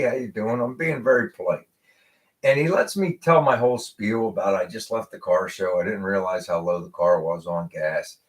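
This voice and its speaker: Host, American man, low voice with wide swings, animated storyteller in casual chat. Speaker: podcast host.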